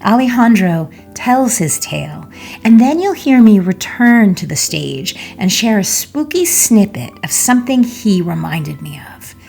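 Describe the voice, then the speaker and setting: A woman hosting a ghost story podcast, introducing the next storyteller in a soft, measured way. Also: medium pitch, very animated, creaky, soft background music. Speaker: podcast host. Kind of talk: podcast narration.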